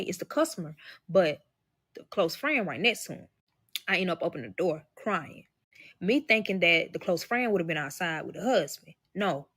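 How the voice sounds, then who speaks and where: Bright-voiced woman telling a wild story. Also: fairly low pitch, slightly rough, no room sound. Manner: profane, emphatic, addresses listeners as y'all; acts out quoted voices. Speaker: storyteller recounting a personal experience. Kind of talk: casual storytelling to a live audience.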